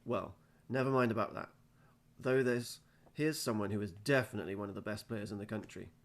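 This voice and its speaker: A man doing a booming, bossy football coach. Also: brisk, lightly acted. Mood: proud. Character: hearty adult male football coach.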